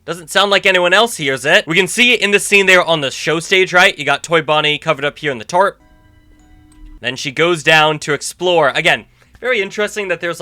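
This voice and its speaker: A male YouTuber talks excitedly through a trailer breakdown with a higher-pitched voice. His tone is piercingly bright and forceful. He sounds chatty and keen, thinking aloud as he goes. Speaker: YouTube host.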